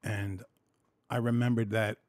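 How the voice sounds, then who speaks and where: A man's voice: unhurried, dry recording, studio quality. Man telling an emotional, rambling story. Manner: emotional, rambling with many restarts and frequent swearing; swings between excited storytelling and low, subdued reflection. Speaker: vlogger. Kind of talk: candid personal recovery vlog.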